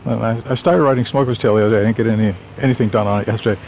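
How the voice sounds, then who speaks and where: A man's voice: lowish voice, steady tone, very fast, a little mellow, a little hiss or hum. A man talking casually while out walking, chatty and rambling, a bit out of breath. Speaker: author vlogging on a walk. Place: outdoors on a sunny suburban street.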